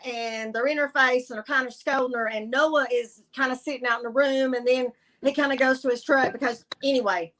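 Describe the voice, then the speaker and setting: A woman's voice: high voice, bright, forceful tone, low-quality recording. A woman from Tennessee with a Southern accent, a guest reader telling a story in a folksy, blunt and sassy way. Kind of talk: live-stream storytelling.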